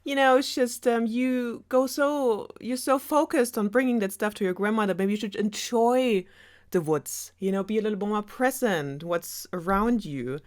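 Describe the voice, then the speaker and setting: A woman's voice: mid-range voice, normal speed, pitched above the performer's own voice, lightly acted. A woman doing a sly, coaxing wolf. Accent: German. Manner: smooth, coaxing, falsely friendly. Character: sly scheming big bad wolf.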